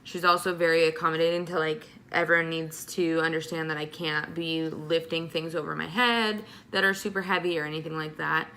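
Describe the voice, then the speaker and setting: A woman's voice: low voice, level tone, fairly quick, few pauses, sharp tone. A young pregnant woman answering viewer questions in a casual vlog, talking with lots of ums and likes. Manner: chatty, many ums and likes. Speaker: vlogger.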